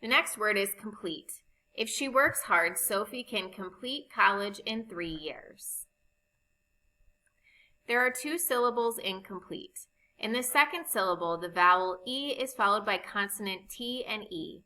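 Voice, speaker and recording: Bright-voiced woman teaching phonics slowly. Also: medium pitch, lively intonation, low-quality recording. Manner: slow, clear, patient explaining of spelling rules. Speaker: reading teacher. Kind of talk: recorded phonics lesson.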